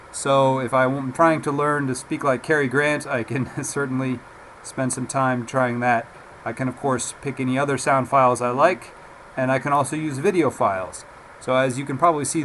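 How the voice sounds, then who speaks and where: A man talks through a software demo in a casual, unhurried way. He pauses often and fills the gaps with fillers. A faint hum sits under his voice. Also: mid-range voice, low-quality recording. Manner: relaxed, halting, with frequent "uh" fillers. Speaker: software reviewer.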